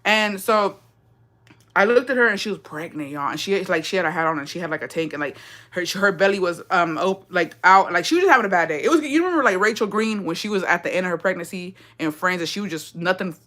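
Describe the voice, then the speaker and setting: A woman's voice: fairly low pitch, fast talker, fairly bright tone. A young woman hosting a livestream, telling a story in a slangy, profane, chatty rant and reading out viewer comments. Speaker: livestream host.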